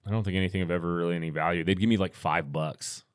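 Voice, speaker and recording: Podcast guest, middle-aged man, very low voice, relaxed storyteller with lots of restarts. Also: racing, clear, resonant tone, no room sound, studio quality. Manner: laid-back, rambling with restarts and fillers. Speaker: podcast guest, firearms instructor. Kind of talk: casual storytelling.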